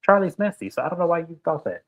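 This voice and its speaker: Man, reality TV recap host, casual, animated storytelling, acts out quotes. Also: a little high, fast.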